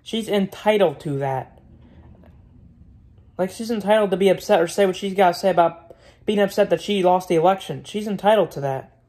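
A man's voice: high-pitched, fairly quick, darkish tone. A man vlogging in a casual, rambling rant, blunt and opinionated, repeating himself and swearing freely.

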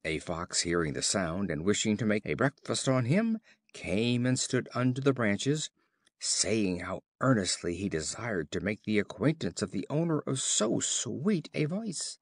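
Slow, expressive male storyteller. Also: fairly low pitch, no room sound, studio quality. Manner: slow, clear, expressive reading. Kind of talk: scripted fable narration for learners.

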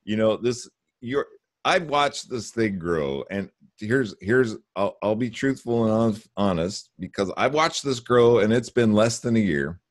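A man's voice: fairly low pitch, animated, measured pace, no room sound, clean studio sound. A man co-hosting a radio show, talking off the cuff and rambling, often restarting sentences. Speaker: radio co-host.

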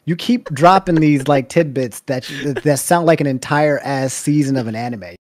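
A man hosting a casual commentary chat, laid-back and slangy, his sentences often trailing off quietly. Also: fairly high pitch, normal speed, no echo, clean studio sound.

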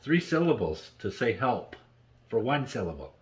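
A man's voice: medium pitch, big pitch swings, normal speed. A man from Canada co-hosting a reaction video, teasing and joking in casual chat. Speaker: reaction channel co-host.

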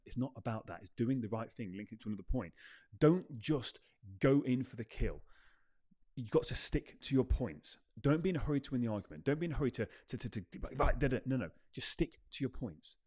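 On his self-help podcast, a man with a fairly low, slightly mellow voice speaks emphatically about motivation, repeating his key phrases for effect.

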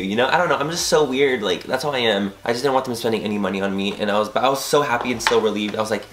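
Fast-talking, swearing young man doing makeup. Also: medium pitch, echoey room. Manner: animated, swears casually, rambles into tangents. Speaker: beauty vlogger. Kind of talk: chatty makeup tutorial.

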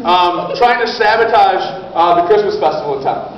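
A man's voice: high-pitched, animated, moderate pace, a little hiss or hum. A man explaining an improv scene setup to performers in a casual, instructive way, often checking in. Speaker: improv show organizer. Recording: echoey distant lo-fi room.

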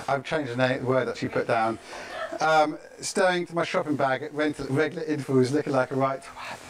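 A man's voice: medium pitch, brisk, a little hiss or hum. A man coaching a live-streamed workout, chatty and encouraging, often checking in with "yeah?". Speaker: fitness coach. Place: outdoors, in the tropics.

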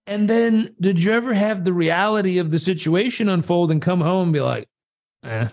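A man as a guest on a live video chat, talking about coaching in a lively, storytelling way and acting out voices in his quotes. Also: high-pitched, normal speed. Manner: animated storyteller who acts out voices in quotes. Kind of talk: conversational coaching talk. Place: live social media video conversation.

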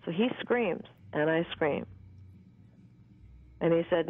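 A woman in her fifties, an actress, telling stories in a candid, animated way with plenty of fillers and the odd swear word. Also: low voice, slow pace, breathy edge, no echo. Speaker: actress and interview guest. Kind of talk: casual storytelling interview. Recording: tinny dry phone line.

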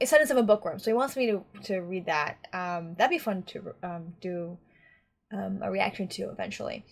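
A woman's voice: medium pitch, vocal fry. A woman giving casual reaction commentary on an anime, talking in a rambling, chatty way with lots of restarts.

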